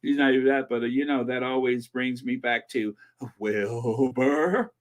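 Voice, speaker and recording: A man with a mid-range voice hosts a livestream, reading viewer comments aloud and thinking out loud in a chatty, rambling way. His tone stays level and his pace is a little quick.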